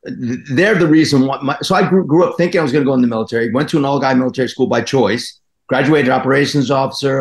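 Rambling man from New Jersey, roomy sound. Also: medium pitch. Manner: rambling, halting storyteller. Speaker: guest actor. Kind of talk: casual podcast interview. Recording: roomy echo.

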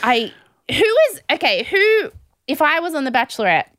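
A woman hosting a podcast, chatting animatedly through a reality show recap with quick asides. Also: sits high, very animated, a bit bright, no echo, studio quality. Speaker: podcast host.

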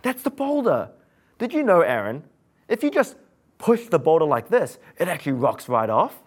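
A man's voice: a little high, very animated, normal speed, husky. A man voicing a chatty male stranger who casually offers a know-it-all tip in a breezy, matter-of-fact way.

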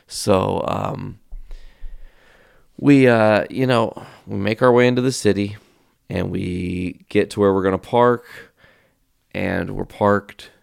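A man hosting a podcast, telling a casual, profane story with animated quoted voices. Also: on the low side, vocal fry, no echo, clean studio sound. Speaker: podcast host.

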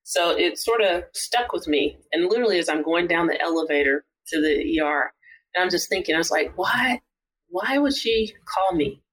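Animated surgeon telling stories. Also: medium pitch, fairly quick, low-quality recording. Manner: animated, acts out quoted dialogue in the telling. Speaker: surgeon and author, podcast guest. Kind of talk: storytelling in a casual interview.

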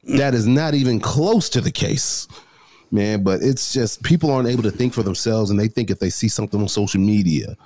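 A man in his thirties talking casually as a podcast guest, an animated storyteller who says bro and man a lot. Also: lowish voice, fairly quick, no echo. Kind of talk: casual conversation.

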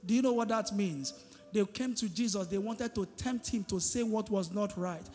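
A man's voice: sits high, moderate pace, darkish tone. A male pastor preaches a sermon, drawing answers from the congregation with repeated questions. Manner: call-and-response preaching, asking the congregation "what?". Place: church hall. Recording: reverberant hall with music behind.

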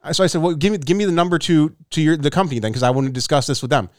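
Fast-talking man telling a story. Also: on the high side, dry recording, studio quality. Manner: animated storyteller acting out both sides, swears freely. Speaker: podcast co-host telling a story. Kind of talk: casual chat.

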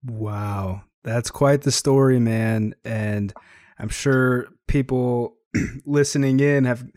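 A male interviewer asks questions in a loose, casual manner and uses filler words freely. His voice sits at a middle pitch, recorded close and dry. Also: takes it slowly, a little mellow, no room sound.

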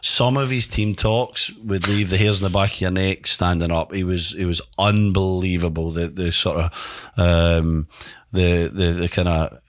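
A man, a former footballer co-hosting a podcast, telling animated stories in casual chat with many restarts. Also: low-pitched, unhurried, few pauses, no echo, studio quality.

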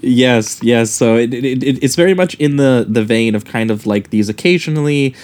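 A man's voice: mid-range voice, moderate pace, a little mellow. A man hosting a casual podcast talk about films, speaking hesitantly with many fillers and restarts. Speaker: podcast host. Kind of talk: casual film discussion.

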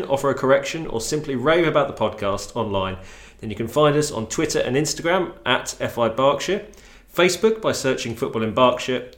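A man co-hosting a casual podcast, easygoing and quick to agree and laugh along. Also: medium pitch, echoey room. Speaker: podcast co-host.

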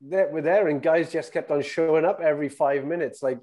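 A man hosts a laid-back chat with a slightly high voice. He rambles in an easygoing way and restarts his sentences as he recalls names. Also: brisk, over a noisy crowd. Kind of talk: casual chat.

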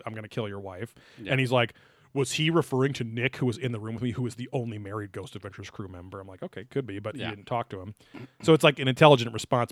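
A young man talks through an episode in easy, joking podcast chatter, full of fillers and quick laughs. His voice sits in a plain middle register. The recording is close and dry, with no room sound around it. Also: mid-range voice, fairly bright tone, dry recording. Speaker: podcast co-host. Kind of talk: casual chat recapping a TV episode.

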